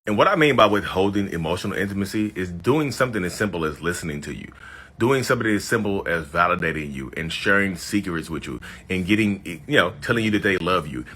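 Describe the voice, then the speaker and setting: A man's voice: deep voice, animated, fast, sharp tone, a little hiss or hum. Chatty man talking straight to camera. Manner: chatty, repetitive, says "y'all" often, emphatic. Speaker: YouTube host. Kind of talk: casual direct-to-camera talk.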